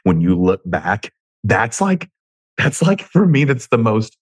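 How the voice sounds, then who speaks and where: A man's voice: lowish voice, sing-song, measured pace, husky, no room sound. A man with a slight Southern American twang, hosting a solo podcast and rambling profanely, joking at his own expense and drifting into tangents. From United States. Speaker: podcast host. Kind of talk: casual solo podcast monologue. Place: home room.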